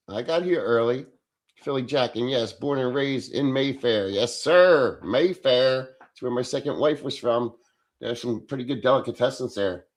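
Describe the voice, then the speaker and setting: A middle-aged man talks loosely to his livestream audience at an average pitch. He is blunt and sarcastic and swears often while answering viewers' comments. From Philadelphia, USA. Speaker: livestream host. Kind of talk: casual livestream chat reading comments.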